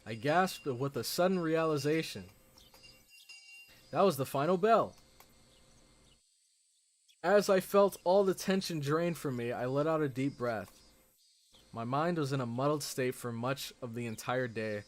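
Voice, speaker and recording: A man streaming a visual novel, reading its text aloud and chatting excitedly between passages with frequent "like" fillers. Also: medium pitch, normal speed. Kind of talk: reading game text aloud with casual commentary.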